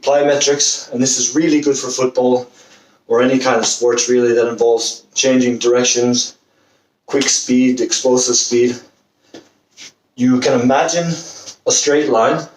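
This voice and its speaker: A male fitness coach talks through a football workout while doing the drills himself, so his breath runs short at times. He speaks at an everyday pitch. The sound is roomy and picked up from some distance, with a faint hiss behind it. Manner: encouraging, demonstrating exercises while talking. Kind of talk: instructional workout demonstration. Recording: roomy, distant camera mic, faint noise.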